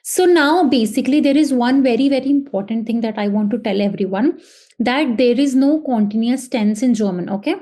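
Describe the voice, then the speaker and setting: A woman's voice: fairly high pitch, a little fast, mellow. A woman teaching a language lesson, explaining patiently and checking in often with "okay". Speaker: German teacher.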